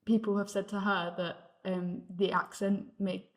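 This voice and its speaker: A woman's voice: medium pitch, level tone, unhurried. A young woman from the South of England with a mid-range voice talks hesitantly as a guest in a casual discussion. She leans on many fillers.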